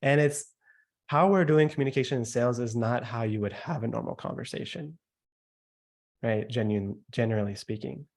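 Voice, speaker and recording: A man teaching a sales workshop, stressing points by slowing down and dropping his voice, and mimicking the noises listeners make. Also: mid-range voice, darkish tone. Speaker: sales coach.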